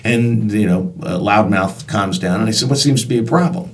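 A man's voice: on the low side, normal speed. Man telling a story, distant mic. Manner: conversational, acts out dialogue with restarts. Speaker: storyteller recalling work as concert venue staff. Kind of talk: told personal anecdote. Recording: voice picked up from a distance.

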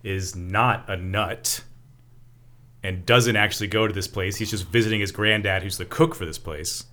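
A man's voice: fairly low pitch, normal speed, sharp tone. A man co-hosting a casual podcast, retelling film scenes with lots of laughter. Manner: laughs often, retells scenes with acted-out quotes. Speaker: podcast co-host recapping a film. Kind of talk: casual chat.

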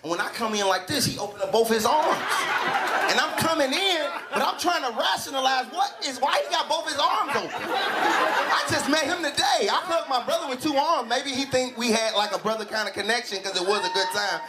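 A man performing a stand-up comedy set, telling an animated story and acting out both sides of a conversation. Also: extremely high pitch, brisk, heavy background noise. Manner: animated storytelling, acts out dialogue. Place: comedy club stage. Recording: live club set with loud crowd laughter. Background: audience laughing loudly.

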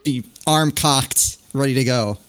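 A man's voice: medium pitch, unhurried. A man playing a tabletop game, eager and hesitant, with fillers. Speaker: player. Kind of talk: casual tabletop game chat.

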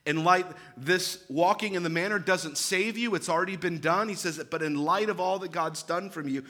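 A pastor in his thirties preaches at a moderate pace, his voice fairly high, bright and forward. His conviction is earnest and emphatic, though he drifts into relaxed conversational asides and often restarts or repeats phrases while building a point.

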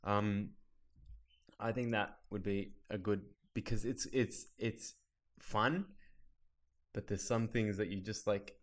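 A man's voice: fairly low pitch, steady tone, slow pace, pauses often. A young man co-hosting a podcast in casual chat, rambling and restarting his sentences. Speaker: podcast co-host.

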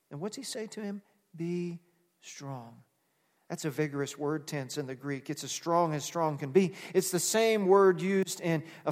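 A man preaching a sermon as pastor, reading scripture and building to emphatic, repeated calls to the congregation. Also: high voice. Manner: preaching with rising emphatic bursts and call-and-response. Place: church sanctuary. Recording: long reverb of a large hall.

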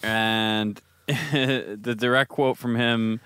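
A man's voice: mid-range voice, steady tone, very slow, a bit bright, clear, resonant tone, no echo. Laid-back podcast co-host man. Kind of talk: casual chat.

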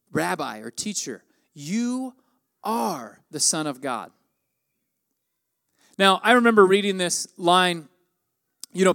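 Man, forties, sermon, high voice, chatty, acts out quotes. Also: a bit bright. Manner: conversational, acts out quoted lines with raised pitch. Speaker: pastor.

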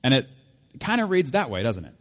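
A man's voice: medium pitch, sing-song, brisk, fairly bright tone. A man preaching a sermon in a conversational way, with light humor and frequent self-corrections. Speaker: pastor.

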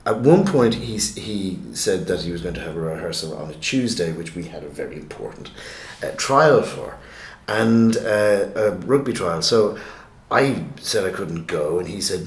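Low-voiced man telling a rambling story. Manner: rambling, self-mocking, with restarts. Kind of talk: casual storytelling in conversation. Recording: roomy echo.

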